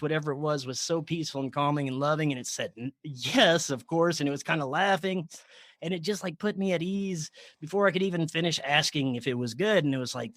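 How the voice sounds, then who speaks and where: A fairly high-voiced man recounts a personal experience in a loose, animated way. He laughs often, and his talk is full of fillers. The sound is close and dry. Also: no echo. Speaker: podcast guest. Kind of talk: casual storytelling.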